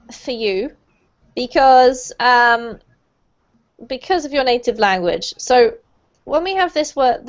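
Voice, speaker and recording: A woman teaching English pronunciation in a live online class, explaining patiently and laughing often. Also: a little high. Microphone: computer mic on a video call. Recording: dull lo-fi video call audio.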